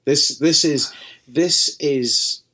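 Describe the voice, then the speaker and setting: A man's voice: a little high, drawn-out words, pushed and bright. A man with a New Zealand accent, a podcast guest telling stories in a casual chat, swearing freely and laughing often. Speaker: podcast guest, distillery managing director. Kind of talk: casual conversational storytelling.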